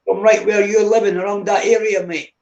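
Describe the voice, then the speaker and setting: A man's voice: high-pitched, little pitch movement, brisk, a little mellow, muffled recording. A Scottish man in his fifties chatting casually on a live stream, swearing freely and calling the listener mate. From Scotland. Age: 50s. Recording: echoey room.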